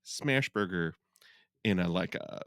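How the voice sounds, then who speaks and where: Male co-host: talkative, laughs easily, lively pitch, dry close mic. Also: slow pace, dry recording. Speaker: podcast co-host. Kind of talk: casual music podcast chat.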